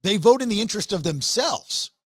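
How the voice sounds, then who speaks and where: A man's voice: high voice, animated, a little fast, a bit bright, no room sound. A man co-hosting a podcast, talking in casual chat, musing and repeating words as he thinks. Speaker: podcast co-host.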